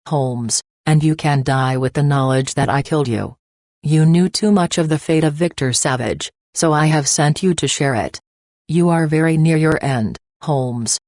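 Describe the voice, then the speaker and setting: A woman reading the part of a cruel, gloating middle-aged male poisoner with a slow, taunting manner. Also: sits low, a little mellow, no room sound, clean studio sound.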